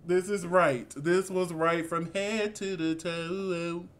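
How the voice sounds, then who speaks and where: A man co-hosting a casual review chat, animated and exclamatory, with sassy asides. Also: sits high, slow pace. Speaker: co-host reviewing a reality show.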